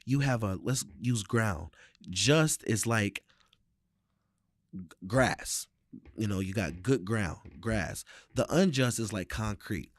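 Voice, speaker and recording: Animated man with a preacherly cadence. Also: on the low side, takes it slowly, dry recording. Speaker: host. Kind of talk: casual conversation.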